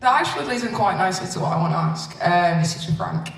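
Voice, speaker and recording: A man's voice: high-pitched, lively intonation, fast talker, gravelly, fairly bright tone. A man from the audience asking a panel question, hesitant with lots of fillers. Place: convention auditorium. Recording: echoey hall, distant mic.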